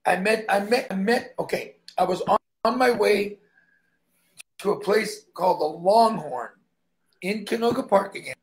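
A man's voice: sits high, moderate pace. A man who is a stuntman, guesting on an interview and telling emphatic stories in which he acts out the dialogue.

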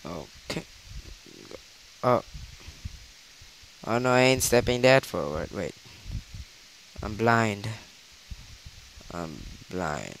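Excitable young gamer, slow-talking, faint hiss. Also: male voice, fairly low pitch, poor audio. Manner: excitable, gasping reactions and repeated exclamations. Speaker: gaming channel host. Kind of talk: live gameplay commentary.

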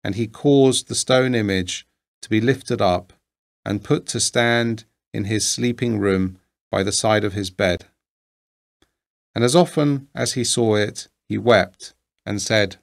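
A man reading an old fairy tale aloud in a measured, deliberate storytelling manner. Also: lowish voice, creaky. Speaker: narrator.

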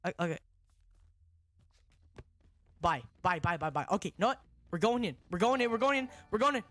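A young man streaming a horror game, jumpy and excitable, who repeats himself in slangy bursts and drops to a whisper when tense. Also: high-pitched, moderate pace, long pauses, no echo. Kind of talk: live gaming commentary.

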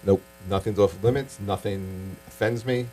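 A stand-up comic from Staten Island, delivering a punchy set with quick asides, then chatting casually in an interview. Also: male voice, on the low side, fairly even intonation, dark tone, slight background noise, poor audio. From Staten Island, New York.

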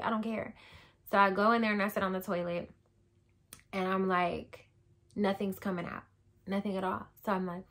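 A young woman telling a birth story to her viewers in animated, casual chat, acting out what people said. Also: medium pitch. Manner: animated, addresses viewers as y'all, acts out quotes.

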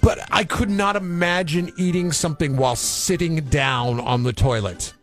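A man's voice: fairly high pitch, moderate pace, faint music behind. A man co-hosting a radio talk show, joking and acting disgusted in casual banter. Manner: joking, mock-disgusted, slips into put-on British voice. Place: radio studio.

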